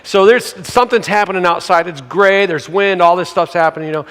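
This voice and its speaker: Animated preaching man, high voice. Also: a little fast, clean tone. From grew up in a city. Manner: animated, acts out quoted voices, shouts for emphasis. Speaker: pastor. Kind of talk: sermon with storytelling. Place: church sanctuary. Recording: long hall reverb.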